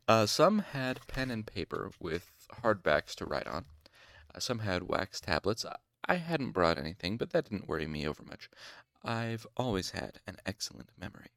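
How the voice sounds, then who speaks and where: A man's voice: on the low side, sing-song, normal speed, creaky, fairly bright tone, dry recording. Young man reading a novel aloud at home. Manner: informal, stops to make whispered asides and corrections. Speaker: amateur audiobook reader. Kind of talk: casual read-aloud of a novel. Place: home room.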